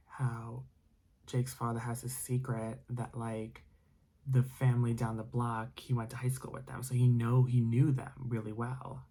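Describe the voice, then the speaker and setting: A man's voice: medium pitch, mellow. A man telling a spooky story casually, rambling with many fillers and dropping into whispers. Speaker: storytime narrator.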